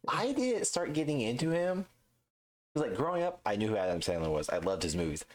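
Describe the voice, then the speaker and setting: A man's voice: mid-range voice, sing-song, a little fast. A man in his thirties co-hosting a podcast, chatting casually, swearing freely and acting out what other people said. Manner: profane, ranting, acts out quoted voices. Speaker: podcast co-host. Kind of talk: casual chat.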